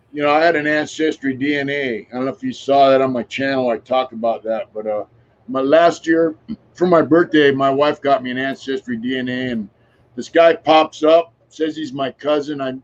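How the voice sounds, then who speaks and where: A man's voice: medium pitch, a little mellow. Older man telling stories, muffled audio. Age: around 60. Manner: rambling and frank, with frequent filler phrases and swearing. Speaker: podcast guest. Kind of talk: casual conversational storytelling.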